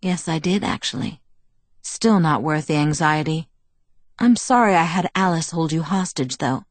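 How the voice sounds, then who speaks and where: A woman reading the lines of a calm, protective young man in a soft, measured, reassuring way, recorded on a close studio mic. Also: low voice, no room sound. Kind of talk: audiobook dialogue reading.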